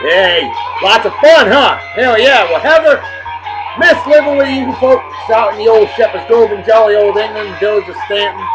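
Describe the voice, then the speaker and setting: A high-pitched man gives boisterous, joking shout-outs to his viewers, jumping from loud bursts to mumbled asides. The recording is dull and lo-fi, with clear music playing underneath. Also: moderate pace. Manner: boisterous and jokey, swinging between loud bursts and low asides. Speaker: host of a daily beer and music video show.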